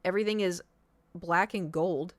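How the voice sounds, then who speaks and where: A woman in her thirties chatting casually on a live stream, telling a rambling, animated story with restarts and the odd swear word. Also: lowish voice, moderate pace, dry recording. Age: 30s.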